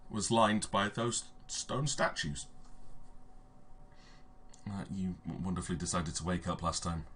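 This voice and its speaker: A man narrating as game master of a tabletop game, halting with fillers and restarts as he describes the scene. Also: low voice, fairly bright tone, a little hiss or hum. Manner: hesitant, many fillers and restarts. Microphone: home microphone on a stream.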